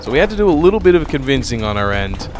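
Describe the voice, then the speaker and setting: A man's voice: medium pitch, sing-song, racing. A young man talking to his camera outdoors in the countryside, a casual and candid travel vlogger who swears now and then. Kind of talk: casual travel vlog talk. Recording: music playing underneath the voice.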